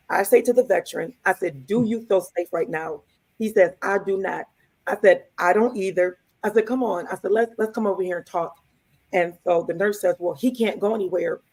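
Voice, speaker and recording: A woman's voice: on the low side, a little mellow. A woman co-hosting a podcast, telling a personal story casually and quoting the dialogue as she goes. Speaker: podcast co-host.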